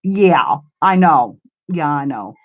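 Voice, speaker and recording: A woman's voice: deep voice, big pitch swings, slow pace. Older woman rambling on a dull live stream. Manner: rambling, homey, answers viewer comments. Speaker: craft channel host. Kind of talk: casual live-stream chat. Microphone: camera mic.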